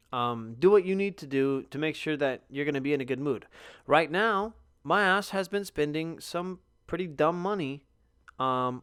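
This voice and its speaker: Young dude rambling on his podcast, swears nonstop, kinda tired, higher smooth voice, dry close mic. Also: no room sound. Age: young adult. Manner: rambling, swears constantly, excitable. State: tired, yawning. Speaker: podcast host. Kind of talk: casual solo podcast chat.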